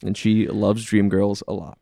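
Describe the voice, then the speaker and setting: A young man chatting casually as a podcast guest, relaxed and laughing, a bit self-deprecating. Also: on the low side, a little slow, gravelly, dry recording, clean studio sound. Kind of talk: casual chat.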